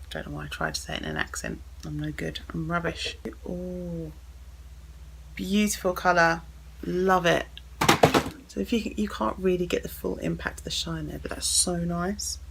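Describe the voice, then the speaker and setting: A woman's voice: medium pitch, gravelly, a bit bright, slight background noise, low-quality recording. A woman chatting casually as she unboxes and swatches makeup, thinking aloud as she goes. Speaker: beauty vlogger.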